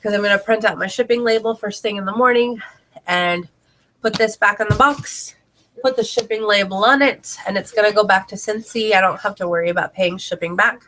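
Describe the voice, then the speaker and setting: A congested woman talks to her camera at home in a chatty, laughing way. Her voice sits at a middle pitch. She breaks off now and then to speak to her child. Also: fairly quick, pushed and bright, slight background noise. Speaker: direct sales consultant. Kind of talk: casual video tutorial. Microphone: camera mic, talking to camera.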